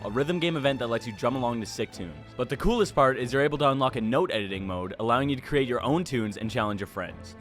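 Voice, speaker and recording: A young man chatting casually with friends and reading a sponsor spot, deadpan with sudden loud outbursts. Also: medium pitch. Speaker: YouTuber. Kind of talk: casual chat and sponsor read.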